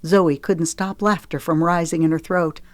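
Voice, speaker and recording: A woman narrating a romance audiobook in a steady, expressive reading. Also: fairly low pitch, normal speed, no room sound.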